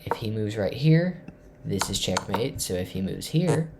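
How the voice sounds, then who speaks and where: A man from Tennessee excitedly walking through his chess game, thinking aloud and swinging between loud bursts and hushed asides. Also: on the low side, a little slow, noisy background. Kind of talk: excited game recap to camera.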